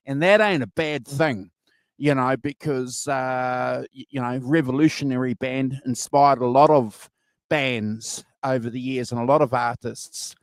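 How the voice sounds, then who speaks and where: A man's voice: mid-range voice, no echo. A man hosts a casual music review chat over a video call, rambling and full of fillers and restarts. His voice sits in a middle range and sounds dry, with no room around it. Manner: rambling, filler-heavy, enthusiastic. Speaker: podcast co-host.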